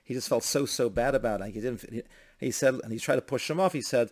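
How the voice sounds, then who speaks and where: A man's voice: mid-range voice, fast talker. A man in a mid-range voice delivers a storytelling sermon. He talks in an easy, conversational way, often restarting his phrases, and builds toward an emphatic blessing.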